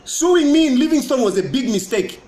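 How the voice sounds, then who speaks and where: A man's voice: extremely high pitch, very animated, normal speed, dark tone. A politician with a Zambian accent talking to camera, boastful and mocking, repeating his points. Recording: roomy echo.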